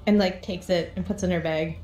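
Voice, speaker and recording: A woman's voice: fairly low pitch, fairly even intonation, fast, dark tone, faint music behind. A woman playing a tabletop game, chattily describing her character's actions with giggles. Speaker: player. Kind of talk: casual tabletop play. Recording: echoey room.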